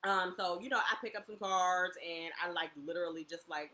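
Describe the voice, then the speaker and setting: Bright, animated woman telling stories. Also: fairly low pitch, brisk, hardly any pauses, slight background noise, poor audio. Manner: animated storyteller, acts out quotes. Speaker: podcast co-host. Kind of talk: casual chat. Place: home.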